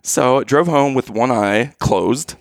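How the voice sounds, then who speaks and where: A man telling a funny story in casual chat, animated and laughing, acting out what people said. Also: medium pitch, slow pace, creaky, dry recording, clean studio sound. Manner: animated, laughing, acts out quotes.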